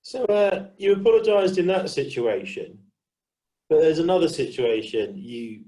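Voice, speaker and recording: A man's voice: medium pitch, darkish tone, low-quality recording. A man with an English Midlands accent hosting a podcast, asking questions in a teasing, amused way. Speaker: podcast host. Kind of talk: casual interview chat.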